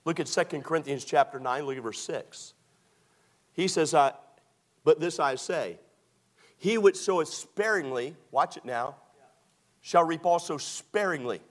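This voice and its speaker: A man, preaching a sermon that moves between lively scripture reading and folksy storytelling. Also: fairly high pitch, measured pace, pauses often.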